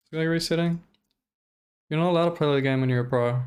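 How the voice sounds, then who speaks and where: A man's voice: on the high side, fast talker, clean tone. A young man streaming, talking casually in a profane, rambling and exasperated way while commenting live.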